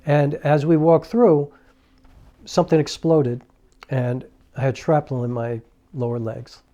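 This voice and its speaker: A middle-aged man earnestly telling a personal story in a conversational way, with restarts and asides, over soft piano music. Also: mid-range voice, muffled recording. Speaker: filmmaker and storyteller.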